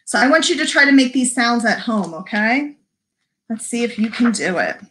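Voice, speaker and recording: A woman's voice: on the high side, expressive, normal speed, a bit bright, slight background noise. A woman librarian reading a picture book aloud to young children, in a sing-song, encouraging voice that mixes in animal noises. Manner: encouraging, talks to young viewers. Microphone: livestream camera mic.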